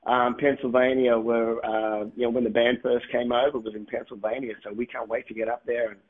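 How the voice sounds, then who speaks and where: A man with an Australian accent softened by years in America, a touring musician rambling easily through a phone interview. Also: mid-range voice, flat delivery, fairly quick. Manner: rambling, restarts often, laughs easily. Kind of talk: phone interview, thinking aloud. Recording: tinny phone line, husky.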